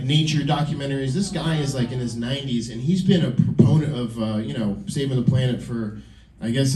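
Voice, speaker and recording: A man's voice: fairly high pitch, darkish tone. A man in his forties performing stand-up on a club stage, rambling and self-deprecating as he banters with the crowd. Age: 40s. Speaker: stand-up comedian. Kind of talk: stand-up comedy set. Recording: roomy club, from a distance.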